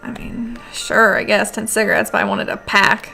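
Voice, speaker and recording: A woman's voice: medium pitch, little pitch movement, moderate pace, gravelly, bright, forceful tone. A young adult woman hosting a gaming video, reading a horror story aloud with chatty, sarcastic commentary and casual swearing. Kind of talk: let's play commentary.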